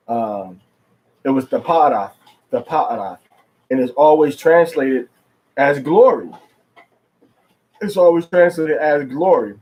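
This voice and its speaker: A man giving an informal religious lesson on Hebrew pronunciation, pausing often with fillers and repeating words as he thinks. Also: fairly high pitch, darkish tone, low-quality recording. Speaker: religious teacher.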